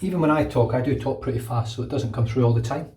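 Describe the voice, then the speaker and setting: A Glaswegian man from Scotland talking casually and quickly while he shaves, dropping in asides like "know what I mean". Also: mid-range voice, dark tone, echoey room, distant mic. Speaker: wet shaving channel host. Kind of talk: casual talk over a shave.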